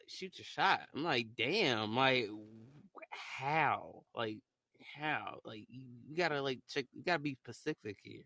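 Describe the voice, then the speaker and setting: Guy rambling on a live audio stream, lots of likes and restarts, bright voice, dry close mic. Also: medium pitch, expressive, measured pace, no echo. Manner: rambling, slangy, full of fillers and restarts. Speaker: live audio room host. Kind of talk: casual live-stream chat.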